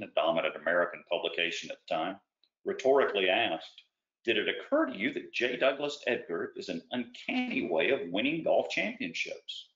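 A man narrating a nonfiction audiobook in a steady storytelling read, with a few small stumbles and restarts. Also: lowish voice. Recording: roomy, dull lo-fi recording.

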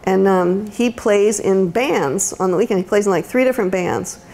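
A woman's voice: medium pitch, moderate pace, a little mellow. A woman giving a conversational lecture as an autism educator, with frequent ums and restarts. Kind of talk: university lecture talk. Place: lecture room.

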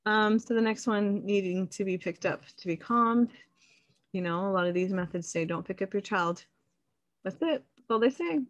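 A woman in her thirties hosting a parenting podcast, talking earnestly and casually, with soft laughs and quick acted-out bits of parents' voices. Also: medium pitch, muffled recording. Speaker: podcast host, sleep consultant. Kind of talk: casual solo podcast talk.

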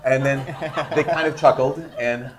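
A middle-aged man, a guest in an interview, telling casual stories with animated, laughing delivery. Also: mid-range voice, normal speed, crowd noise. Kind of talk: casual storytelling.

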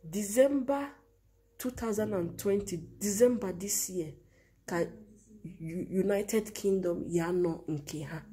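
Taking her time, a commentator with a mid-range, mellow voice and a Nigerian Igbo accent gives an impassioned monologue in Igbo and English. It's earnest and lamenting, crowded with rhetorical questions.

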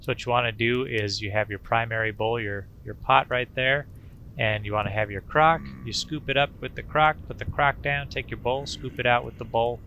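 Gravelly, bright-voiced man rambling through gameplay. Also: medium pitch, fairly even intonation, moderate pace, dull audio, slight background noise. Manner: rambling, folksy, with filler sounds like boop. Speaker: gaming channel host. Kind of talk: casual let's-play commentary.

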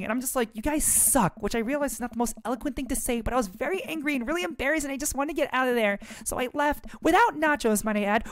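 A streamer voicing an upset teenage girl in a dating game, venting in fast, gossipy bursts. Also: very high-pitched, no room sound, voice pushed up. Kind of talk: let's-play dialogue reading.

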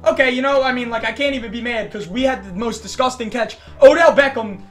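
A man commenting on his own football video game match, hyped and often shouting. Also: very high voice, quick pace, faint music behind. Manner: hyped, frequent shouting and yelling. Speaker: gaming YouTuber.

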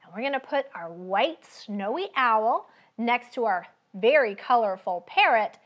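A woman running a children's library storytime, talking in a drawn-out, sing-song way for small children. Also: fairly high pitch, animated, highs cut off.

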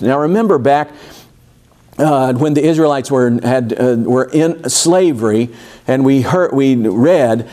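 A man leading a Bible study in a church, in a mid-pitched, conversational voice. He wanders into asides with plenty of fillers and lifts his voice for emphasis when he reads the text. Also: unhurried, warm tone. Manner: digressive, many fillers and asides, rises for emphasis when reading.

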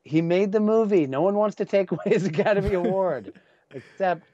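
A man's voice: high voice, fairly quick, warm tone, no echo, muffled recording. A man guesting on a podcast as a comedian, riffing jokily and laughing often in casual chat.

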